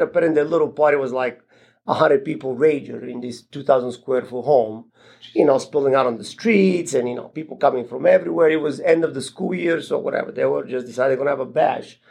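A middle-aged man, a guest landlord, telling a story in casual, rambling talk full of fillers and restarts, jumping higher in pitch when he quotes others. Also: creaky, breathy edge. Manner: animated, jumps higher when quoting others.

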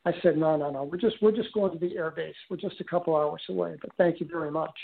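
A man's voice: fairly high pitch, steady tone, fast talker, gravelly, hardly any pauses. A man telling a long personal story in a casual, rambling way, full of fillers and restarts. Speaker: guest telling his story. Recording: tinny phone line.

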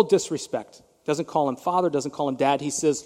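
Speaking straight to his congregation, a male pastor retells a story with emphasis during a sermon. He talks fairly quickly in a slightly high, dark voice, and the recording has a large hall's long reverb.

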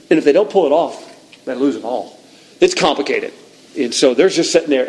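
Animated storytelling male pastor. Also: fairly high pitch. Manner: animated storytelling, acts out quotes. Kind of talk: sermon with personal stories.

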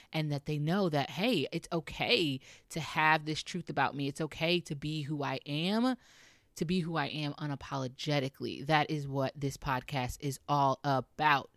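Upbeat low-voiced woman podcaster. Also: no echo, studio quality. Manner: upbeat, chatty, with fillers and laughs. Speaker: podcast host. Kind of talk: solo podcast monologue.

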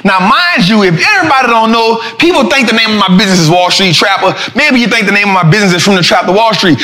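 A man telling a story in a bright, high voice, emphatic and full of slang. His pitch jumps all over as he acts out every exchange. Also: lively intonation, quick pace, few pauses. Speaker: host. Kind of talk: animated storytelling.

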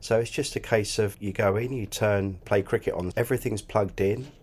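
A man's voice: fairly low pitch, fairly even intonation, normal speed, a little mellow, husky. A man chatting enthusiastically on a podcast, often repeating words as he talks. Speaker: club cricket scorer and podcast guest. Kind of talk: casual podcast chat.

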